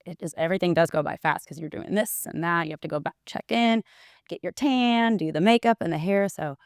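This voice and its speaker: A woman's voice: on the low side, a little fast, vocal fry, dry recording, studio quality. A young woman, chatting as an interview guest and telling stories while quoting others. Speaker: interview guest, wellness bodybuilder. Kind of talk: casual interview chat.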